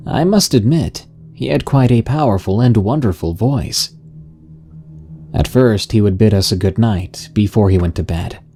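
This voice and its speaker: A man narrating a scary story in a slow, even, scripted storytelling delivery. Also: on the low side.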